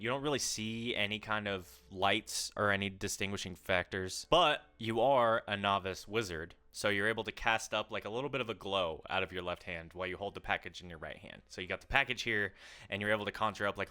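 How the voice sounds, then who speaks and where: A man's voice: on the low side, bright, forceful tone. A man running a tabletop game as game master, narrating loosely with lots of fillers. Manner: loose, filler-heavy storytelling.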